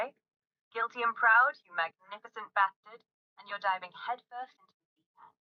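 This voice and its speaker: A woman's voice: medium pitch, muffled recording, lightly acted. A synthetic woman's voice playing a crude, foul-mouthed female AI chatbot that fires off raunchy banter. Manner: brash, rapid-fire raunchy banter.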